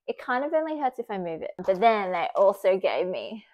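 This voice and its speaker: A woman's voice: medium pitch, big pitch swings, fairly quick, a little mellow. Chatty woman vlogging. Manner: chatty, filler-heavy with frequent "like"; laughs easily while telling stories. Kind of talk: casual chatty vlog.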